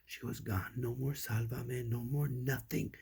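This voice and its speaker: Man, bedtime ghost story, hushed whispers, dark tone, raspy. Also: medium pitch, steady tone. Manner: slow, hushed, dropping to whispers for suspense. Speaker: parent telling a bedtime story.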